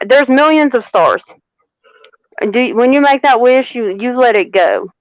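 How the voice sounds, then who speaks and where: Smooth-voiced woman giving a tarot reading. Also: fairly high pitch, expressive, no room sound, highs cut off. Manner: unhurried, repeats phrases for emphasis. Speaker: tarot reader.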